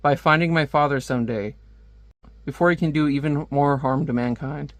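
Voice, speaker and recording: A man's voice: a little high, moderate pace, a bit bright, no room sound. A man reading a defiant armored hero. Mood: earnest. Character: defiant armored male superhero.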